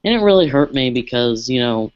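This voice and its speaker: A man's voice: medium pitch, lively intonation, fairly quick, clean tone, highs cut off. A man co-hosting a casual chat, speaking hesitantly with lots of fillers as he confides in a friend. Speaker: podcast co-host.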